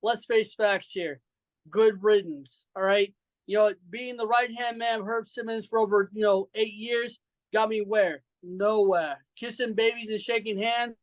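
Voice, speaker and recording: Man, forties, high voice, dry close sound, rambling, brash, casual. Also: fairly even intonation, a little slow, no room sound, poor audio. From Saint Louis, Missouri. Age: 40s. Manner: loose, rambling, full of fillers, brash trash-talk. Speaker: professional wrestler guest. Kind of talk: casual interview chat.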